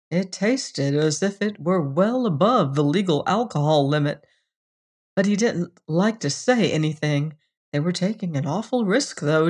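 A narrator reading a science fiction story in a calm, even manner. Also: medium pitch. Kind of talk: audiobook narration.

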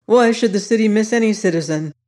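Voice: mid-range voice, brisk, darkish tone, voice pushed up, natural voice. A narrator voicing a resentful, stubborn young man who speaks curtly and directly in an audiobook reading. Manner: curt and direct.

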